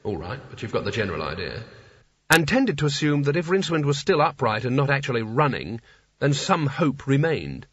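A man giving measured, wry scripted narration of an audiobook. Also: medium pitch, big pitch swings, fairly bright tone, slightly rough, no room sound. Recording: dull dry audiobook recording.

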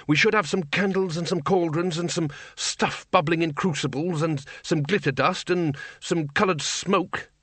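A man voicing a pompous wizard dean who talks in a fussy, sneering way, with a raised pitch, read in a dry, close recording. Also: normal speed, a bit bright, husky, no room sound. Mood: complaining.

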